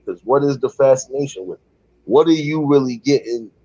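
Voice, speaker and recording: A man's voice: mid-range voice, lively intonation, warm tone, slightly rough. A man hosting a casual online panel, mulling points over in long, reflective stretches. His voice comes through dull and lo-fi, with a dry, close sound and no room echo. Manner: reflective, drawn-out talk with many fillers.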